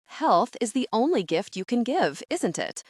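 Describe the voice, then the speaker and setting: A woman's voice: on the high side, very animated, a little slow, no room sound, studio quality, pitched above the performer's own voice. Woman doing a firm, no-nonsense gravewitch. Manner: firm, leaves no room for doubt. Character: stern female dust wife witch, firm and certain.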